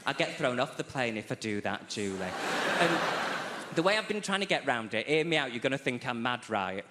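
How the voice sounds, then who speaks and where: A man's voice: mid-range voice, expressive, brisk, noisy background. A man from England doing a chatty, camp stand-up routine that teases the audience on a large theatre stage. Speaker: stand-up comedian. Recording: echoey theatre.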